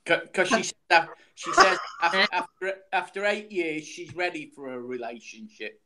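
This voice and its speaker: A man chatting casually in a group, gossipy and lively. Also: on the high side, normal speed.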